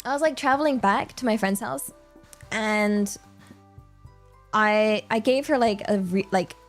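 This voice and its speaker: A woman's voice: mid-range voice, a little slow, faint music behind. A young woman with a British accent chatting casually on a livestream, rambling with lots of filler words and laughter. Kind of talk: casual stream chat.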